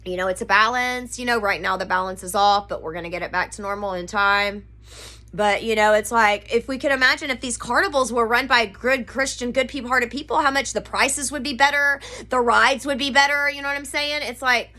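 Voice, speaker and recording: A woman's voice: on the high side, brisk, sharp tone. A woman from Texas, talking casually to camera from her living room, rambling earnestly with many fillers. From Pasadena, Texas, USA. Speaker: occult vlogger. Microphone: camera mic.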